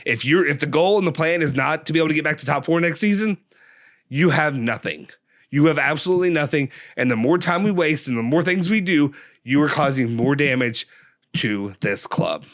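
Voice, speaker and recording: A man's voice: on the high side, lively intonation, a little fast, fairly bright tone. A man hosting a football fan channel, giving a frustrated, angry match reaction rant full of rhetorical questions.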